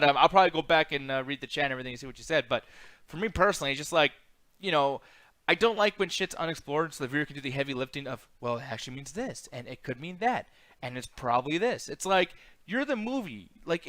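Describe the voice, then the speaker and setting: A man's voice: a little high, no room sound. A young man co-hosting a casual movie review chat, rambling and swearing as he rants about a film. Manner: profane, rambling, animated ranting. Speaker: podcast co-host reviewing movies.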